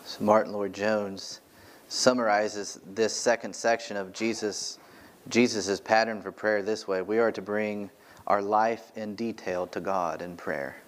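A pastor preaching a sermon from the pulpit of a church, earnest and emphatic, repeating key phrases for weight. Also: male voice, on the low side, steady tone, measured pace.

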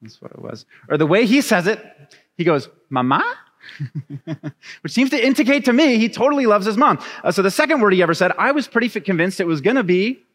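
A young adult man preaching a sermon, reading scripture and then telling a chatty, animated story with laughs. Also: high voice, fast. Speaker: pastor. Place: church sanctuary. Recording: long reverb of a church hall.

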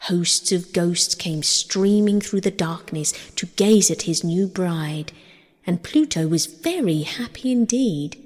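Slow, gentle woman storyteller in a reverberant hall. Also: on the low side, lively intonation. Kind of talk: scripted storybook narration.

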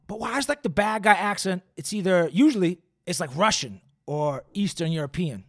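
A man's voice: on the high side, fairly bright tone, dry recording, studio quality. A man in his forties hosting a solo podcast, ranting in a profane, sarcastic, wry way. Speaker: podcast host.

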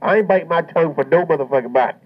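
A man's voice: a little high, very fast, husky. A man doing a stand-up comedy routine, brash and swaggering, with heavy profanity. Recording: muffled lo-fi recording.

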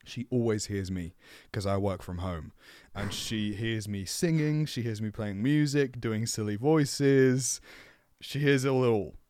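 A man's voice: fairly low pitch, unhurried, a little mellow, no echo. Male co-host, playful banter, tangents, swears freely, dry booth sound. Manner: playful, teasing, swears a lot, goes off on tangents. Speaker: podcast co-host. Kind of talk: casual chat.

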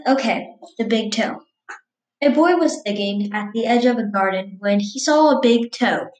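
A woman's voice: on the high side, lively intonation, normal speed, darkish tone, roomy sound, rough recording. A woman reading a scary story aloud in a casual, stumbling way, restarting words as she goes.

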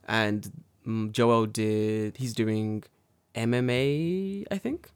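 A young man in casual chat, swearing freely, excitable and laughing often. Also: on the low side, drawn-out words, clear, resonant tone. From United Kingdom.

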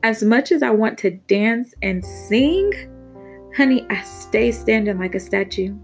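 A woman's voice: on the high side, expressive, a little slow. Frank woman narrating an erotic story. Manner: candid, casual, swears freely. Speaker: podcast host and storyteller. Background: faint guitar music.

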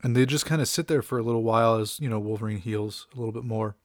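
A man's voice: fairly low pitch, fast talker, no room sound, studio quality. Chatty young man recapping a comic. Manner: chatty, frequent fillers and asides. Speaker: comic book reviewer.

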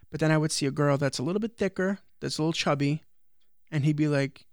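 A man's voice: fairly high pitch, quick pace, darkish tone, smooth, no room sound, studio quality. A young adult man co-hosting a podcast, rambling and self-deprecating in casual chat, swearing freely. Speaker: podcast co-host.

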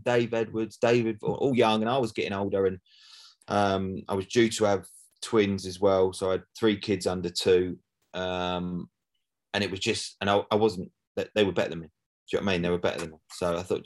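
A middle-aged man, once a footballer, chats casually as a guest in an interview, often asking "do you know what I mean." His voice is fairly low and fairly even in intonation, and he talks briskly.

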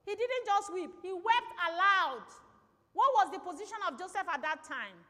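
A woman's voice: extremely high pitch, animated, normal speed, fairly bright tone. A woman preaching a sermon emphatically, repeating key phrases and putting questions to the congregation. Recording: long reverb in a large hall.

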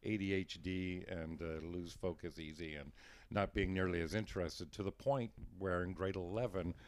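A man's voice: deep voice, fairly even intonation, moderate pace, dry recording. A man hosting a podcast, telling a self-deprecating story in a casual way and laughing through it. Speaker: podcast host.

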